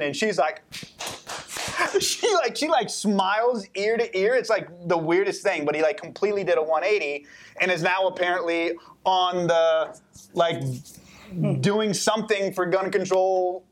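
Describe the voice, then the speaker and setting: A man chatting casually on a podcast, rambling through his points with frequent restarts and fillers. His voice sits a little high. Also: normal speed. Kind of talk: casual chat.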